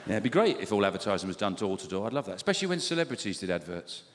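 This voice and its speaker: A man in his forties from England doing a stand-up routine, with sardonic, deadpan storytelling and mock outrage. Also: lowish voice, racing. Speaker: stand-up comedian. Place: large theatre stage before a live audience. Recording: long hall reverb, loud audience noise.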